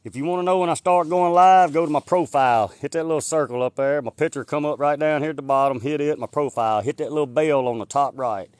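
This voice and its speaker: A man's voice: fairly high pitch, quick pace, few pauses, a little mellow, clean tone, dry recording. A man, live-streaming from the woods on a handheld phone, rambling folksily and answering viewer comments. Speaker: livestreamer. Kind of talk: casual live-stream chat. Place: outdoors in the woods. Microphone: phone held in hand.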